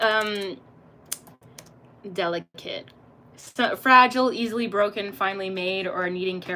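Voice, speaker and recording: A woman's voice: mid-range voice, bright, forceful tone. A young woman hosting a casual livestream, reading chat aloud, laughing often and swearing freely as she chats playfully.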